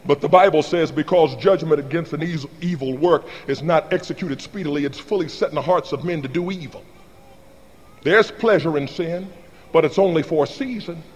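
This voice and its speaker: A man's voice: fairly high pitch, normal speed. A man preaching a sermon, leading his congregation in call-and-response and acting out little scenes as he goes. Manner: animated, plays out little scenes, calls on the congregation. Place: large hall or church. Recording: long hall reverb.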